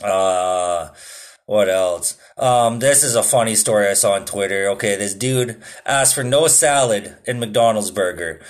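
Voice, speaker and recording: A man's voice: fairly low pitch, unhurried. A man hosting a podcast, chatting casually with a loose, rambling delivery and frequent swearing. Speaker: podcast host. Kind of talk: profane casual podcast chat.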